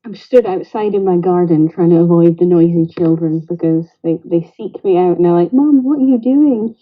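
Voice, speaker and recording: A woman's voice: fairly low pitch, level tone, moderate pace. A woman with a Greater Manchester accent, chatting casually as a caller from outdoors in her garden. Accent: Northern English, Greater Manchester. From England. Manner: chatty, laughs easily. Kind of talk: casual chat. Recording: dull lo-fi call audio.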